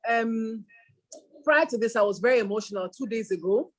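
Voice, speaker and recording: A woman's voice: a little high, animated, moderate pace, low-quality recording. Chatty woman in her fifties. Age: 50s. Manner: warm, chatty storytelling. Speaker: birthday celebrant. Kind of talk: casual chat on a video call. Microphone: video call.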